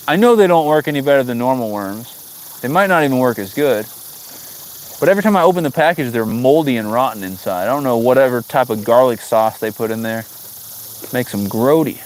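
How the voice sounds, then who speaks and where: A man's voice: mid-range voice, a little hiss or hum. Joking man chatting on a fishing stream. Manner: joking, talks to viewers, exasperated at the fish. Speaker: fishing livestream host. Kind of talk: casual livestream chat. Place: outdoors by the water.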